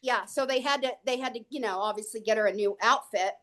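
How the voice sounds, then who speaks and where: A woman guest on an interview show, telling lively anecdotes and acting out what people said. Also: fairly high pitch, fast talker. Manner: lively, animated anecdotes with acted quotes. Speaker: guest actress. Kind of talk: casual interview storytelling.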